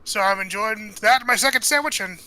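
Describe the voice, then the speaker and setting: A man playing a friendly, easygoing young man in a tabletop game, upbeat and quick. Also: high voice, bright, forceful tone, rough recording. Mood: content. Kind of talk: tabletop role-play voice.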